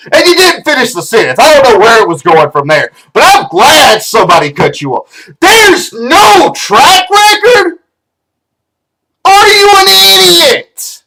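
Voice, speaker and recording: A man's voice: high-pitched, very animated, normal speed, pushed and bright, slightly rough, rough recording. A man in his twenties talking to camera in a casual vlog, his delivery swinging between ranting and tearful. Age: 20s. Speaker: vlogger.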